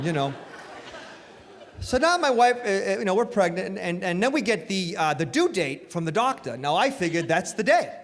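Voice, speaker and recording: A middle-aged man doing a stand-up comedy set, telling stories in an animated way and shouting his punchlines. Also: sits high. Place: comedy club stage before a live audience. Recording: live club recording, echoey hall with crowd noise.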